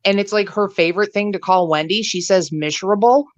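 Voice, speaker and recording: A woman co-hosting a livestream chat show, telling gossip in a profane, animated way. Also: mid-range voice, a little fast, no echo. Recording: dull lo-fi stream audio.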